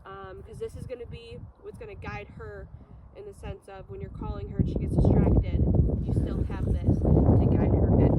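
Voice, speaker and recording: A high-voiced woman dog trainer talks through a lesson in an upbeat, chatty way, her pitch swinging widely. She is recorded outdoors from a distance, with loud wind rushing over the mic. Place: outdoors in a field.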